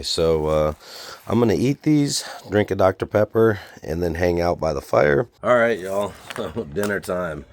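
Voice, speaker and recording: A man with a low, deep voice talks to his viewers in a relaxed, folksy vlog style. He is recorded outdoors at a campground on a camera mic. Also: a little hiss or hum. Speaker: outdoor vlogger. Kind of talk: casual vlog talk to camera.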